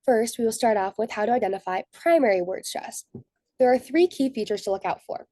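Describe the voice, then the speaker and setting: Mellow-voiced woman presenting a class lesson. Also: a little high, a little fast, no echo. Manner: methodical, reads from prepared notes. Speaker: student presenter. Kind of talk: scripted slide presentation.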